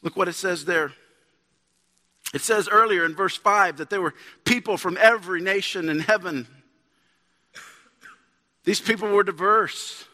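A man's voice: high-pitched, measured pace, long pauses, bright, forceful tone. A man in his thirties preaching a conversational sermon as a pastor, building up to emphatic peaks. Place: church sanctuary. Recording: long church hall reverb.

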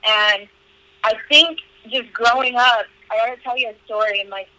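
A young woman talks through stories on a podcast, candid and profane, with "like" in every other phrase. Her voice is very bright and forward. The sound is dry and close, with no room in it. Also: a little high, steady tone, normal speed, dry recording, poor audio. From California. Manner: candid, profane, lots of "like" fillers. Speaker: podcast guest. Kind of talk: casual storytelling interview.

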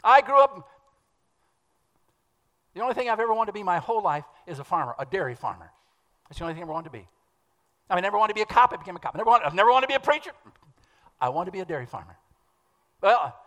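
A man preaching a sermon in a folksy, animated storytelling way. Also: on the high side. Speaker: pastor. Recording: long hall reverb.

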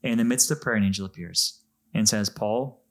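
A man co-hosting a podcast, talking through a Bible passage in a lively, casual way and acting out the quotes. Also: on the low side, brisk. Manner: animated, acts out quotes with shifting voice. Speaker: podcast co-host.

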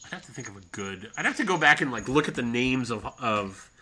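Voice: medium pitch, big pitch swings, fairly quick, bright, forceful tone, a little hiss or hum. A podcast co-host chatting casually, hesitant and full of fillers.

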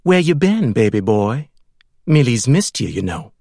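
A man's voice: medium pitch, very animated, measured pace, a little mellow, no echo, clean studio sound. A man voicing a clingy, doting woman who coos and pleads, in an audiobook reading. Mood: coaxing. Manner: cooing, pleading, baby talk.

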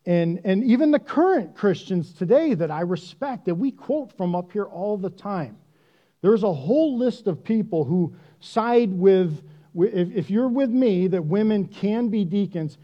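A man preaching a sermon in a conversational, self-deprecating and animated way. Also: sits high, unhurried, muffled recording. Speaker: pastor.

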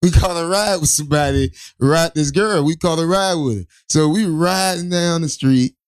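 Man, casual rambling storyteller, raised pitch, dry close mic. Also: moderate pace, clear, resonant tone, no echo. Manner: loose, profane, rambling storyteller with many restarts. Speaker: co-host.

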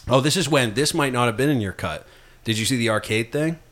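A man's voice: mid-range voice, a little fast, fairly bright tone. A young man hosting a casual chat, recapping a film scene by scene, swearing and laughing a lot. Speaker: podcast host.

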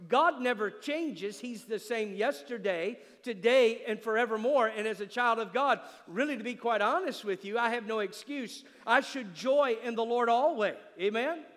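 A pastor preaching an emphatic sermon who calls out for an "Amen" from the congregation. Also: male voice, very high-pitched, normal speed, hardly any pauses, a bit bright, long reverb tail. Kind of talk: sermon with live demonstration. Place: church sanctuary.

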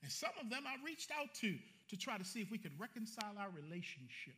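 A man preaching a sermon as pastor, animated and colloquial, joking with his congregation. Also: sits high, quick pace, a little hiss or hum.

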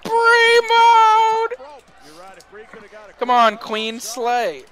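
A man's voice: very high-pitched, sing-song, drawn-out words, sharp tone. A man on a voice chat call making joking, mocking asides while watching wrestling. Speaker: co-host. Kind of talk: live wrestling watch-along commentary.

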